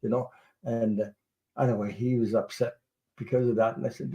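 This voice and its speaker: A man's voice: medium pitch, little pitch movement, normal speed, mellow, poor audio. A middle-aged man hosting a tarot livestream, chatting in a rambling way, laughing often and swearing casually. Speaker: tarot reader and livestream host.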